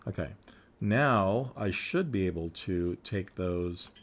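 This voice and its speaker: A man's voice: low-pitched, lively intonation, slow pace. A man narrating a casual animation tutorial, thinking aloud as he works, with frequent ums and uhs.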